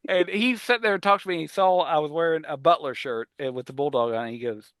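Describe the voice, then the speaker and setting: A middle-aged man co-hosts a casual podcast chat. His voice is bright and somewhat high. He tells animated stories and laughs easily, and the sound is dry and close. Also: fast talker, no echo. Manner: animated storyteller, acts out voices, laughs often. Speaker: podcast co-host.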